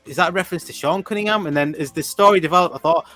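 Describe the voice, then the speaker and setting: A man's voice: a little high, very fast, bright, forceful tone, faint music behind. A man in casual chat, giving an easygoing take on a film. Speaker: podcast co-host.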